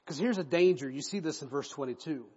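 A male pastor preaching an expository sermon in an animated, conversational style, recorded in a church with an echoey hall and dull lo-fi sound. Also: a little high, fast talker, husky.

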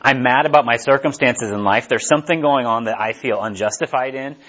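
A man's voice: mid-range voice, a little fast, fairly bright tone. A man preaching in a chatty, conversational sermon style, poking fun at himself and putting questions to his listeners. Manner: chatty, self-deprecating, asks the audience questions. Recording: dull lo-fi recording.

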